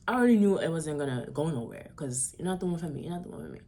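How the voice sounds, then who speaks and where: A young woman with a notably low, deep voice tells a story in a sassy, animated way, as in a casual chat vlog. A faint hum sits behind her. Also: rapid-fire. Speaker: vlogger.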